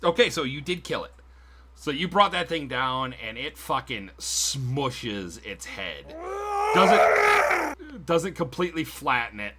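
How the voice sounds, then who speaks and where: A man's voice: mid-range voice, lively intonation, unhurried, background noise. A man running a tabletop game as game master, casual and swearing, with frequent laughs. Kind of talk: narrating a tabletop game on stream.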